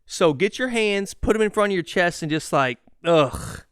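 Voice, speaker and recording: A man hosting a sports podcast in an excited, cursing rant. His voice sits a little high and sounds smooth and clear. The recording is close and dry. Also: no room sound. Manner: excitable, fast, profane ranting. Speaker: podcast host.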